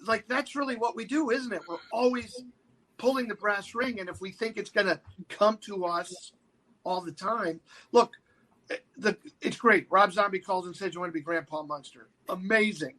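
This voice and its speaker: A man's voice: sits high, normal speed, low-quality recording. A man in his fifties, a guest actor telling a show-business story in casual chat, often slipping into the voices of the people he quotes. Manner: animated anecdote-teller who slips into quoted voices.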